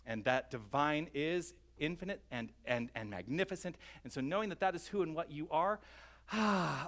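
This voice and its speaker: A man's voice: a little high, fairly bright tone. A man leading an online sermon as minister, earnest and inviting, speaking straight to his listeners and a little out of breath. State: slightly out of breath.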